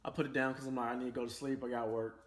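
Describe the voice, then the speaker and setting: A man's voice: medium pitch, level tone, racing. A man chatting to the camera, telling a story and acting out the quotes. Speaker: vlogger. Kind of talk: casual storytelling. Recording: echoey room.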